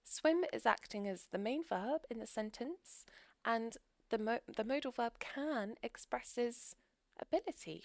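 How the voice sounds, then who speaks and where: A woman teaching English grammar in a recorded lesson, explaining clearly and steadily with example sentences. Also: a little high, lively intonation, unhurried, no echo, clean studio sound.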